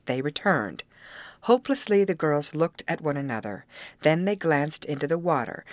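A woman narrating a novel aloud in an expressive, varied way. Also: sits low, no echo. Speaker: audiobook reader. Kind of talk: scripted narration.

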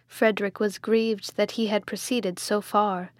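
A woman narrating a classic novel in a measured, lightly dramatized reading. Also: mid-range voice, flat delivery, darkish tone, no echo. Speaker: audiobook reader.

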